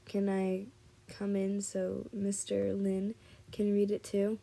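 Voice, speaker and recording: A tired woman reading a young man's lines in a fan fiction story, slowly and with frequent restarts. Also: mid-range voice, completely flat delivery, vocal fry, warm tone. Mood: earnest.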